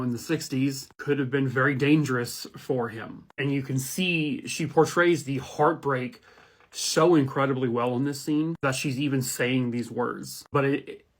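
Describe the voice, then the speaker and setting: A man hosting a casual movie and TV review chat, talking in an enthusiastic, conversational way. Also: medium pitch. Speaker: host.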